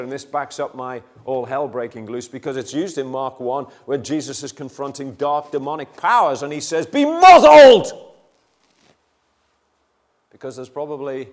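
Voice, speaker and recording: An older man preaching a sermon, moving between quiet asides and loud, dramatic retellings. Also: medium pitch.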